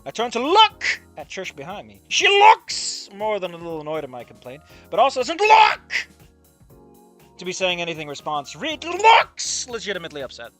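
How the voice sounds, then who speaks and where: Casting: ranting game streamer, lively swings in pitch, bright and sharp, swears a lot. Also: moderate pace, soft background music. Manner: exasperated, profane, ranting critique. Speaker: streamer reading a game aloud. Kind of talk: game playthrough commentary.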